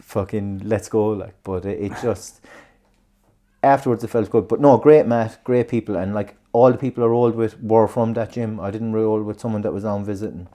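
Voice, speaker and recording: Low, mellow Irish man rambling. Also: steady tone, moderate pace. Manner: rambling storytelling with frequent swearing and laughter. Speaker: podcast co-host. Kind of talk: casual chat.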